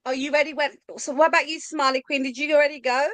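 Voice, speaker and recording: A woman hosts a casual online group chat, inviting each guest to speak in turn. Her voice sits high, and the sound is dry and close. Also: steady tone, quick pace, a bit bright, dry recording. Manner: leads the talk, calls on each guest. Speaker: host.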